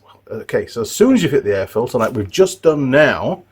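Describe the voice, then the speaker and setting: A man's voice: medium pitch, sing-song, brisk, darkish tone, breathy edge. A middle-aged man hosting a motorbike repair tutorial, chatting in a loose, rambling way with restarts and asides. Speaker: motorbike mechanic and channel host. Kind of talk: casual workshop tutorial.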